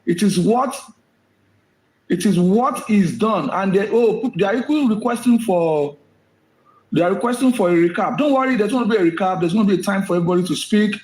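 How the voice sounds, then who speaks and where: Live-stream host, conversational, higher voice, echoey room sound. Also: male voice, expressive, fairly quick, darkish tone. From Nigeria. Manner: relays viewer requests, reassuring, conversational.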